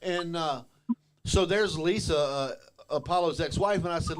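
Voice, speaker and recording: Man, drawling storyteller, slightly high voice, faint background hiss. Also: fairly even intonation, a little fast. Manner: drawling, laughs often, trails off quietly. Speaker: former wrestler, podcast host. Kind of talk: casual storytelling chat.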